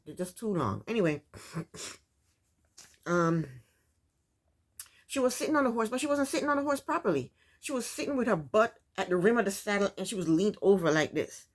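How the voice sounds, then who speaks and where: A woman's voice: mid-range voice, animated, moderate pace, long pauses. Woman host, casual recap chatter, blunt and opinionated. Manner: opinionated, chatty, rhetorical asides to the cast.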